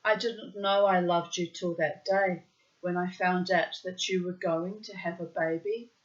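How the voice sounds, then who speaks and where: A woman's voice: fairly low pitch, fairly even intonation, measured pace, highs cut off, lightly acted. A woman reading as an earnest young soldier.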